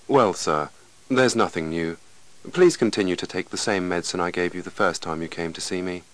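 A man's voice: deep voice, moderate pace, close to an everyday voice, low-quality recording. A man reading a shrewd doctor's dry reply in a lesson story, emphatic and good-humoured. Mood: wry.

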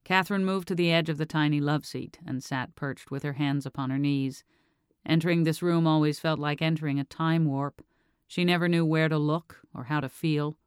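An audiobook narrator reading fiction in a calm, even storytelling manner. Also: mid-range voice, moderate pace, clear, resonant tone, no echo, studio quality.

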